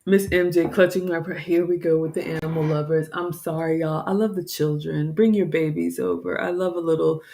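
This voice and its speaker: A woman's voice: fairly low pitch, steady tone, brisk, vocal fry, hardly any pauses, warm tone. A woman from the American South chatting casually to viewers, tired, apologetic and a bit scattered. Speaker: vlogger, home cook. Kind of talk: casual live-stream chat.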